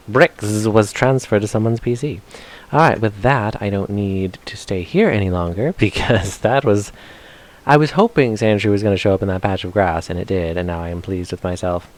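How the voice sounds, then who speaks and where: A man's voice: on the low side, a little mellow. A man chatting playfully while streaming a video game, sometimes reading game text aloud in silly voices. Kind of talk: casual live-stream commentary.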